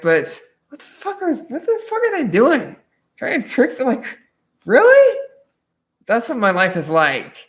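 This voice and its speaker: A woman streamer in a casual, confessional chat, rambling and swearing, often trailing off quietly. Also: medium pitch.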